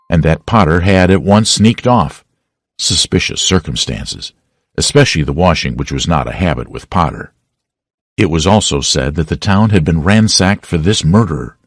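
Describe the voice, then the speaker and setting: Deep-voiced dramatic audiobook narrator, man. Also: breathy edge, no echo, studio quality. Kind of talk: scripted narration.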